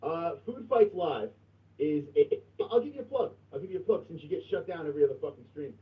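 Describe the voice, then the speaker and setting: A man hosting a livestream, ranting loudly and swearing a lot about rival channels. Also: a little high, expressive, a little fast. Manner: profane, loud, shouting rants. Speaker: livestream host. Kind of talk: casual livestream rant. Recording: distant, muffled stream audio.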